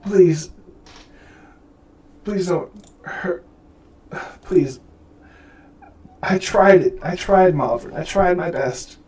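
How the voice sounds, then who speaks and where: A man's voice: sits high, moderate pace, hardly any pauses, mellow, voice pushed up, close to an everyday voice. A man voicing a frightened male character who pleads and stammers, recorded with room echo from a distance off the mic. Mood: pleading. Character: frightened begging male NPC. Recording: roomy audio from far off mic.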